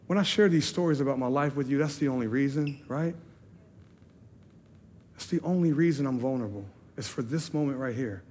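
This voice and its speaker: A man's voice: medium pitch, a little fast, a little mellow. A man preaching at a church service, telling his own story in an earnest, confessional way. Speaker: pastor. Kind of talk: sermon testimony.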